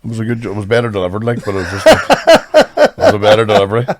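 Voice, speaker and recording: A man's voice: on the low side, huge pitch swings, quick pace, dry recording, studio quality. A man hosting a podcast, telling crude stories with lots of swearing and laughter. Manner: crude, storytelling, laughs often. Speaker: podcast host and comedian. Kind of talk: casual banter.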